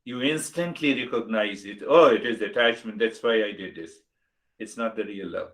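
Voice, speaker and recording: A man's voice: lowish voice, moderate pace, fairly bright tone, poor audio. A man in his sixties with an Indian English accent, giving a spiritual talk as a teacher, repeating rhetorical questions with emphasis. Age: 60s.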